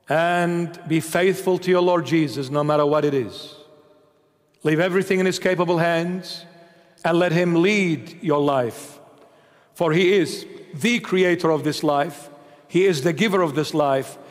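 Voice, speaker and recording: A male bishop closes his sermon with solemn, measured blessings and prayers. His voice sits high for a man. The church around him adds a long, lingering reverb.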